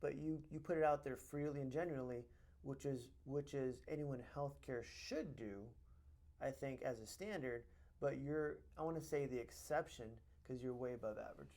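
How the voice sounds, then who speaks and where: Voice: medium pitch, normal speed, darkish tone. An interviewer who chimes in often with agreement and praise for the guest. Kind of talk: casual interview.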